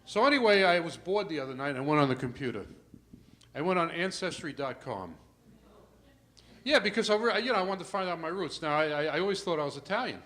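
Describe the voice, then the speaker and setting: A man's voice: a little high, lively intonation, fast. Older man doing stand-up, raised voice. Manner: storytelling with asides to the crowd, rising loud for punchlines. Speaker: stand-up comedian. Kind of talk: stand-up comedy set. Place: comedy club stage.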